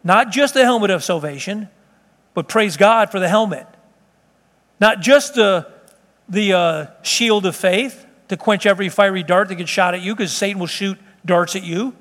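High-pitched pastor preaching, repeats his lines for punch, big echoey sanctuary. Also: moderate pace, fairly bright tone. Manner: preaching with emphatic repetition. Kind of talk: sermon. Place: church sanctuary. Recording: long hall reverb.

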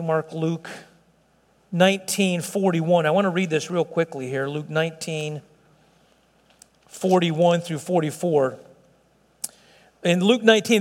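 A man preaching a sermon as pastor, slowing down and stretching words for emphasis as his intensity rises. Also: high voice, long reverb tail.

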